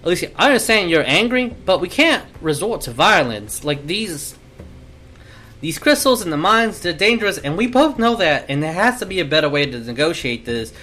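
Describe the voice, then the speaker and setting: A man voicing a weary middle-aged father who urges calm and negotiation in a tabletop game. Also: a little high. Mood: pleading. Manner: measured, pleading.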